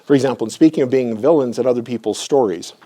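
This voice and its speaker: Middle-aged guy lecturing a room, warm easy tone, keeps clearing his throat. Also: mid-range voice, fast talker. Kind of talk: live lecture with personal anecdotes. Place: room with a live audience.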